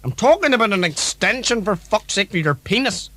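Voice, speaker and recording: A brash, exasperated man hosting a spoof talk show, swearing freely. His voice sits high and sounds dry and close. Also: lively intonation, a little fast, fairly bright tone, dry recording. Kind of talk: comedy sketch.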